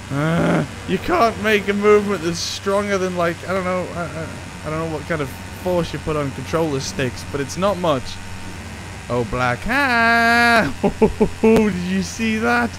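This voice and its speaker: An excitable young man narrates his gameplay, yelping loudly when things go wrong and muttering low in between. His voice sits a little high, with faint noise behind it. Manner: excitable, swings between loud panicked outbursts and low muttering. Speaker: gaming YouTuber. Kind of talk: casual gameplay commentary.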